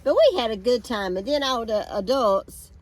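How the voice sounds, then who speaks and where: A woman's voice: fairly high pitch, sing-song, normal speed, darkish tone, slight background noise. An older woman, telling homey, rambling family stories in a casual outdoor chat. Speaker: co-host. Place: backyard, outdoors.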